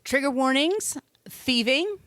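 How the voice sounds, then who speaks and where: A woman's voice: sits high, lively intonation, slow pace, a bit bright, no room sound. A woman hosting a podcast, telling a true-crime story in a chatty, casual way, swearing freely and laughing often. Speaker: podcast host.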